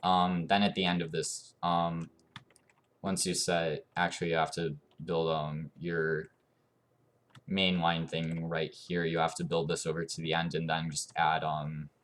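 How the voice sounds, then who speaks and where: Man with a very deep voice, rambling tutorial. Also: level tone, a little slow, a bit bright. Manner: rambling, meandering explanations. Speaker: tutorial YouTuber. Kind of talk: casual game tutorial commentary.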